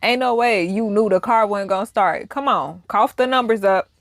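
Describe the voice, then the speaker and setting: A young adult woman giving casual reaction commentary, animated and slangy, swinging between soft musing and loud outbursts. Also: medium pitch, normal speed, no echo, studio quality. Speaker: reaction vlogger.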